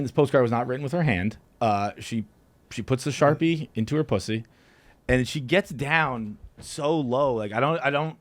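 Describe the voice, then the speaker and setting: A man guesting on a podcast, telling a rowdy story casually, laughing and jumping into high yelps when he reenacts his own yells.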